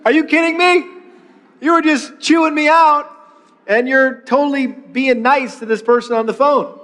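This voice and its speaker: An exasperated, indignant spouse , put on by a male preacher speaks in a pitch well above his usual voice. The delivery is sharp and incredulous. It echoes through a reverberant hall. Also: steady tone, moderate pace.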